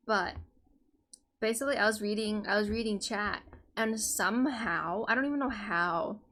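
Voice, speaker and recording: A woman's voice: mid-range voice, fairly bright tone. A woman with an average, mid-range voice talks casually on a podcast. She rambles and corrects herself as she tells a story. Her tone is easygoing. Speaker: podcast co-host. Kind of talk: casual chat.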